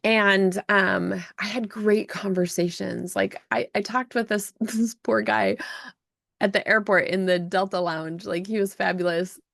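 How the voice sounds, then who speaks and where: A woman hosting a podcast, telling an emotional story in an animated way, with frequent restarts. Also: mid-range voice, measured pace, creaky, no echo, studio quality. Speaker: podcast host and self-published author. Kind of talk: casual storytelling chat.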